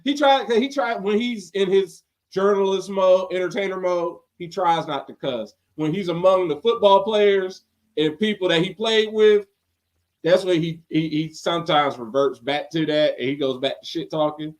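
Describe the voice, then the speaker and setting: A man hosting a casual wrestling podcast, animated and laughing, slipping into voices as he retells stories. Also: high voice, moderate pace. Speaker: podcast host.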